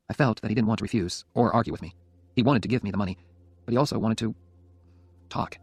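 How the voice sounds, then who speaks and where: A man narrating an audiobook in the first person, in a quiet and subdued way. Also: fairly low pitch, fast talker, long pauses, breathy edge, no room sound.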